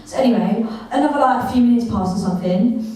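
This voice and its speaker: A young actress playing a sweary girl venting about life on trains, in an exasperated storytelling tone. Her voice sits a little high. It echoes around a big rehearsal room, caught from far away. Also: quick pace, a little mellow, natural voice. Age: young adult. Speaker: student actor. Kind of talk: improvised comic monologue.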